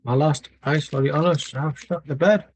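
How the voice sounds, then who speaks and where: Husky man riffing over a match. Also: on the high side, fairly even intonation, normal speed, low-quality recording. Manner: rambling, blunt, swears freely. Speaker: watchalong streamer. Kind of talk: casual live match commentary. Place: at home.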